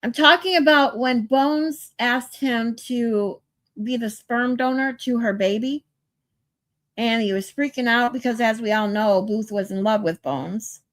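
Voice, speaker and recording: A woman's voice: on the high side, measured pace, dry recording. A sleep-deprived woman hosting a livestream, chatting loosely and reading viewer comments aloud. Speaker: livestream host. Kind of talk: casual chat with live viewers.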